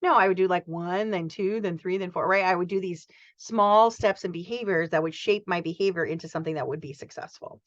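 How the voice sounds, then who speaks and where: A woman's voice: lowish voice, brisk, few pauses, no room sound. A chatty woman in her forties teaches a college class and slips into little acted-out student voices. The recording is dry and slightly dull, with no room sound to speak of. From United States. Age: 40s. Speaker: college instructor. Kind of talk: recorded lecture.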